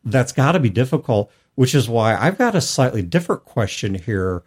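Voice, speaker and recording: A man's voice: medium pitch, big pitch swings, normal speed, breathy edge. A man hosting a podcast, asking careful, probing questions. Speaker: podcast host. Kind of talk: casual chat.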